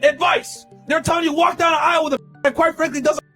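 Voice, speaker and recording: A man hosting a podcast, shouting a fired-up, preachy rant. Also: very high-pitched, flat delivery, fast talker, soft background music. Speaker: podcast host. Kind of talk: ranting podcast talk.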